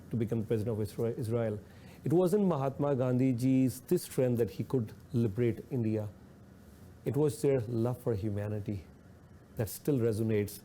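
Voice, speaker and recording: A man's voice: mid-range voice, warm tone, a little hiss or hum. A man hosting a radio talk show, speaking earnestly and repeating points for emphasis. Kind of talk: reflective talk radio discussion.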